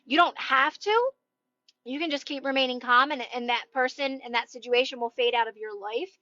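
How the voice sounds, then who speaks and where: Woman, high voice, loud, emphatic, reassuring, live-stream coaching, dull phone audio. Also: fairly quick, no echo. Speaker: manifestation coach. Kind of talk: casual live-stream advice talk.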